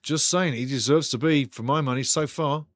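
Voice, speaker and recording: A man's voice: mid-range voice, normal speed, no echo. A man hosting a live football watch-along, chatting loosely with viewers and calling the play as it happens. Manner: chatty, rambling, banters with chat. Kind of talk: casual live match commentary.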